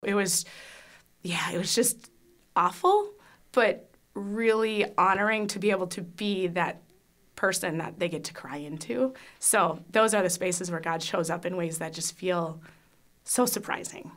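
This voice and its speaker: A woman's voice: lowish voice, unhurried, a bit bright. A foster mother giving a candid, emotional faith testimony, with frequent fillers and restarts. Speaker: foster parent.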